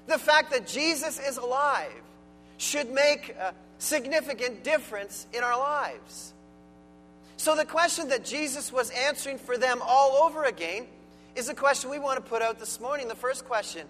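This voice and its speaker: A man's voice: extremely high pitch, animated, normal speed, bright, forceful tone, a little hiss or hum. A man preaching a sermon as pastor, earnest and emphatic, stressing key words. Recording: long hall reverb with faint music.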